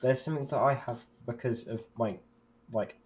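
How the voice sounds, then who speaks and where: A man's voice: mid-range voice, normal speed, a crowd in the background. Hesitant male player, searching for words. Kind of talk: casual tabletop play.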